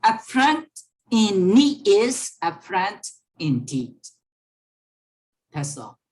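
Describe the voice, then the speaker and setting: Brief: female teacher, online class, patient storytelling, repeats every line, very slow pace. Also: mid-range voice, very animated, darkish tone. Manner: slow, repeats each sentence and explains words. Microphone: online class microphone.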